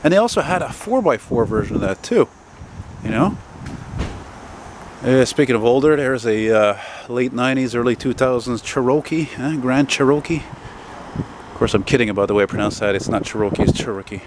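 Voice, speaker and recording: A man's voice: medium pitch, expressive, normal speed, pauses often. A man, chatting casually as he walks outdoors along a city street, rambling and swearing now and then. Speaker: vlogger. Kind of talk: casual walking commentary. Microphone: handheld camera while walking. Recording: noisy outdoor street recording. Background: passing traffic.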